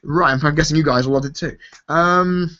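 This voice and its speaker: A man's voice: fairly high pitch, fairly even intonation, a little fast, pushed and bright. A tired man hosting a live-stream Q&A, chatting casually, swearing freely and laughing often. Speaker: YouTube host answering viewer questions. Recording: dull lo-fi stream audio.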